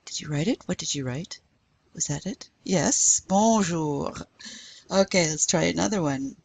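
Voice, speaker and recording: A woman's voice: sits low, measured pace, gravelly, darkish tone, no echo. A woman teaching a recorded French lesson, spelling words letter by letter and drilling pronunciation patiently. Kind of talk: recorded online lecture.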